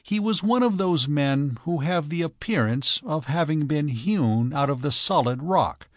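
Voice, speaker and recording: A man's voice: a little high, no echo, studio quality. Man narrating a comic novel. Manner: measured, expressive storytelling. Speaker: audiobook reader. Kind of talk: scripted narration.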